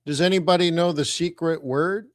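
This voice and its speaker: A middle-aged man hosting a live trading stream, talking to viewers in an energetic, teasing way as he walks them through charts. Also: on the high side, moderate pace, no echo, clean studio sound. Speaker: forex trading host.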